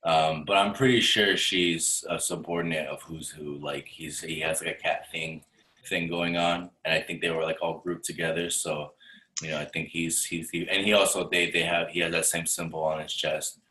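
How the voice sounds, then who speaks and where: A man's voice: low-pitched, steady tone, normal speed, bright, forceful tone, low-quality recording. A man co-hosting a casual chat, talking hesitantly with many fillers and questions. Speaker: podcast co-host.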